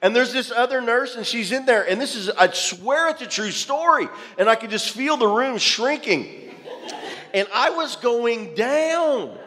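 Preacher guy, 40s, animated self-deprecating storytelling, long church hall reverb. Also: very high-pitched, a little slow. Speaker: pastor. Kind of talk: sermon storytelling. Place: church auditorium.

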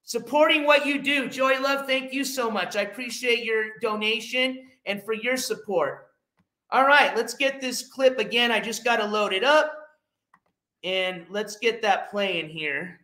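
A man's voice: extremely high pitch, unhurried, sharp tone, echoey room, rough recording. A man hosting a livestream, mocking a rival and thanking viewers for donations while he loads clips. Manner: mocking, then mutters while fiddling with files. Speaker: livestream host. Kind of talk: livestream commentary.

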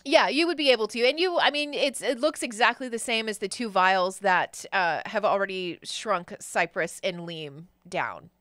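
A woman's voice: medium pitch, normal speed, hardly any pauses, a bit bright, no echo, clean studio sound. A woman narrating as game master, playful and giggly, with hesitant fillers.

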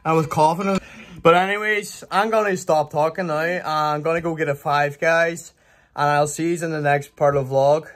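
Young male vlogger, slightly high voice, excitable and rambling, swears a lot, faint vehicle noise. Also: moderate pace. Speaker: bodybuilder vlogger. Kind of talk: casual vlog talk to camera.

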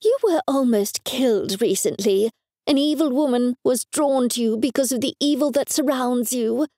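A woman's voice: high-pitched, moderate pace, warm tone, dry recording, clean studio sound, pitched above the performer's own voice. A woman voicing a fussy, superstitious older mother who scolds her daughter in a raised, insistent voice. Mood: scolding.

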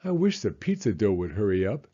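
A man's voice: fairly low pitch, big pitch swings, brisk, mellow, slightly rough, muffled recording. A man reading aloud, voicing an eager, impatient little girl who is a new big sister.

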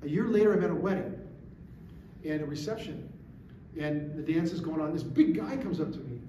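A middle-aged man speaking to a gathering, an animated storyteller who drives his points home with emphatic rhetorical questions. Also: fairly high pitch, normal speed. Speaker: guest speaker. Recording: echoey room, distant mic, faint hiss.

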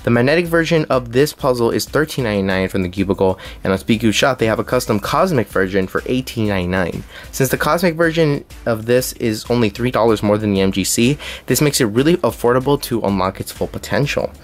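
A man's voice: medium pitch, animated, fast, few pauses. A young man narrating a scripted puzzle cube review, reading along with small slips and restarts.

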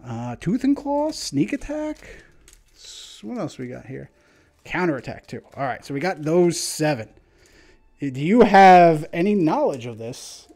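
A man's voice: a little high, very animated, a little slow, a little mellow. Laid-back rambling man hosting a stream. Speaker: stream host. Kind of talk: casual livestream chat.

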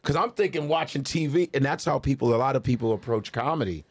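Male comedy host, mid pitch, lively storyteller, dry close mic. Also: quick pace, dry recording. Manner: animated storyteller acting out voices. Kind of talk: casual chat.

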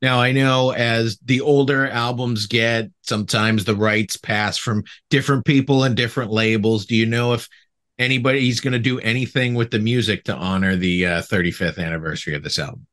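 A male podcast host puts measured, plain questions to his guest. His voice sits at an average pitch and he speaks in a steady conversational way. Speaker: podcast interviewer. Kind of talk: interview questions.

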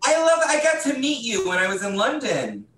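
A man's voice: very high voice, sing-song, a little fast, fairly bright tone. A man, a drag performer guest, chatting on a video call with dry, self-mocking wit. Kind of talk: casual video call chat. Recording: distant roomy video call audio.

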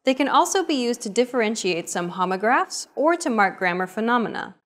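A woman narrating a lesson, explaining grammar points in an even, scripted way. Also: on the high side, brisk.

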